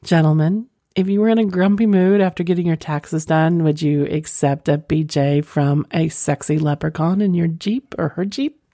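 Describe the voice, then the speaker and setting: Low, mellow-voiced woman podcast host. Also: moderate pace, hardly any pauses, no room sound, clean studio sound. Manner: playful, chatty, rambling asides. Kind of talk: reading a listener letter aloud, then casual chat.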